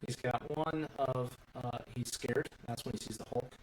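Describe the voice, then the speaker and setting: A man with a mid-range, steady voice talks at a moderate pace while casually building a toy set, thinking aloud and rambling with plenty of fillers and restarts. It's live build commentary recorded in an indoor room that sounds echoey, with a distant mic and a faint hum.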